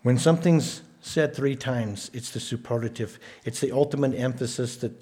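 A male pastor delivering a sermon in a measured, emphatic way. He leans on repetition to drive his points home, and his voice sits at an ordinary pitch for a man. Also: dark tone. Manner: emphatic, repeats words for stress, measured delivery.

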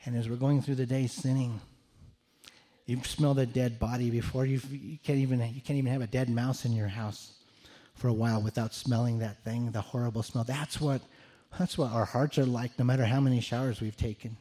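A man's voice: medium pitch, steady tone, fairly quick, mellow. A man preaching a sermon in an earnest way, often repeating words as he restarts his phrases. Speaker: pastor.

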